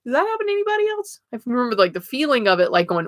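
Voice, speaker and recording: A woman's voice: on the high side, very animated, racing, no room sound, clean studio sound. A woman hosting a spiritual livestream, chatting casually with viewers while she reads oracle cards and laughs often. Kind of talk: casual live chat reading oracle cards.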